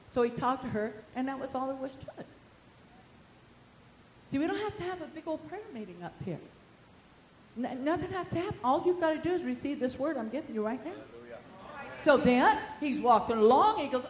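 An older woman preaching a sermon, telling the story with animation and swinging between loud and soft. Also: fairly high pitch, brisk, echoey room, slight background noise, rough recording.

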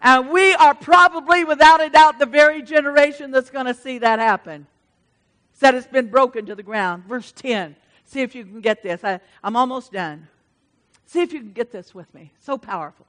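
A woman preacher giving a fervent sermon, calling out to the congregation and swinging from shouts to hushed asides. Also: fairly high pitch, normal speed. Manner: addresses the congregation directly.

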